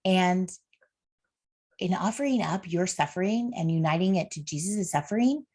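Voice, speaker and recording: A woman's voice: on the low side, lively intonation, moderate pace, a little mellow, breathy edge. A woman in her thirties hosting a solo podcast, talking earnestly and heartfelt with faith-based encouragement aimed straight at her listeners. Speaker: podcast host. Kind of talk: solo motivational podcast monologue.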